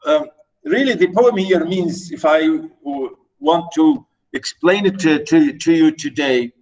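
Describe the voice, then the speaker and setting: A man gives a lecture over an online class in a fairly high voice. He speaks slowly and haltingly, with frequent fillers and repeated words. When he marks out the beats of a line he counts them deliberately, one by one. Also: expressive, darkish tone, rough recording. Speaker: university lecturer.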